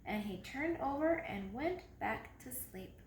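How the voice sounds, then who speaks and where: Slow, expressive woman reading a children's story. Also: a little high. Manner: expressive, slow, dramatic read-aloud. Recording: echoey room, faint background noise.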